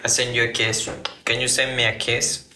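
A man's voice: medium pitch, level tone, moderate pace, bright, forceful tone, reverberant, slight background noise. A man chatting casually with viewers on a livestream, rambling and restarting his phrases as he reacts to comments. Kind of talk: casual live chat with viewers.

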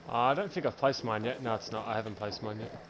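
A man in casual gaming voice chat, excitable and laughing as he talks. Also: on the low side, fast talker, very noisy. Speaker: gamer in voice chat.

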